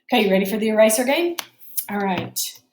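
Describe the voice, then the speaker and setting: A woman's voice: medium pitch, lively intonation, fairly quick, darkish tone, echoey room, a little hiss or hum. A woman teaching a phonics spelling lesson, explaining each step patiently.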